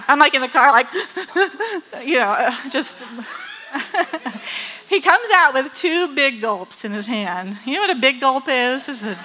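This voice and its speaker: Bright high-voiced woman telling a story. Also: low-quality recording. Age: adult with children. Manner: animated, acts out quotes, laughs often. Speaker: speaker telling a personal story. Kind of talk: personal storytelling.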